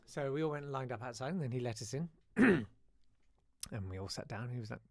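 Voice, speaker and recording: Man, show host, wry rambling storyteller, lively pitch, dry close sound. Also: fast talker, gravelly, no room sound. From South-east London. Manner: wry, rambling, many asides. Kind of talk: casual live-show storytelling.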